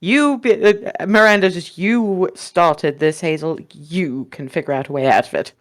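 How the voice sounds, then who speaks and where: A woman running a tabletop game as game master, lively and quick to laugh. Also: lowish voice. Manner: lively, laughing, corrects players.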